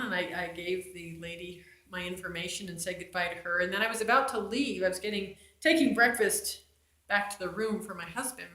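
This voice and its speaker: A woman's voice: on the low side, fairly quick, sharp tone. Chatty woman in an echoey room. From New Jersey. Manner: conversational, chatty with fillers and restarts. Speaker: storyteller on her own channel. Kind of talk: personal faith testimony. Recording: roomy echo.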